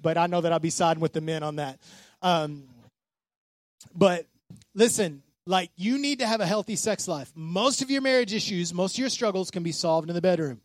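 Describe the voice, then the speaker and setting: High-voiced pastor, animated preaching. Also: male voice, no room sound. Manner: animated, acts out quoted voices, casual preaching. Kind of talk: sermon.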